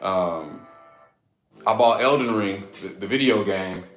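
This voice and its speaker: A man in his thirties chats loosely on his live stream, rambling and breaking into laughter as he talks. His voice sits fairly low. The room is roomy and echoey, with faint music playing behind him. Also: takes it slowly, fairly bright tone. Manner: rambling, playful, laughs often. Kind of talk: casual live-stream chat.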